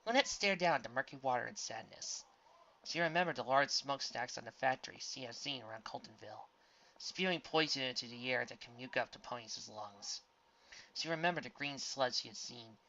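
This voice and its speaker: Low-voiced woman reading a story. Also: a little fast, pushed and bright, muffled recording. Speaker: reader. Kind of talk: reading fan fiction aloud.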